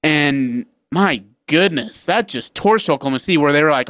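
A man co-hosting a sports radio show, telling game stories in a lively, casual way. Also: on the high side, moderate pace, dry recording, clean studio sound. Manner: animated storytelling, acts out players.

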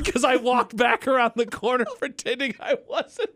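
A man's voice: very high-pitched, moderate pace, no room sound, studio quality. A man hosting a morning radio show, telling stories in casual banter and laughing often. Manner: storytelling, laughs often, animated. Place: radio studio. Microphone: studio microphone.

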